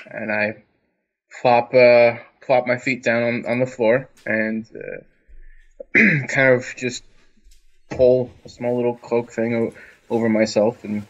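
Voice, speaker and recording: A man's voice: mid-range voice, level tone, slow, long pauses, fairly bright tone. A man playing a tabletop role-playing game, hesitantly describing what his character does. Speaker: player. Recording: dull lo-fi mic.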